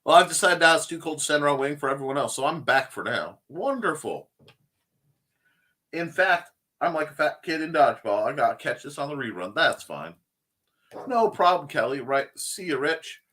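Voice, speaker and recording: A man's voice: on the high side, expressive, normal speed, bright, forceful tone. A man hosting a casual livestream talk show, chatting in a rambling, enthusiastic way as he answers viewer comments. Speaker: host of a creative talk show.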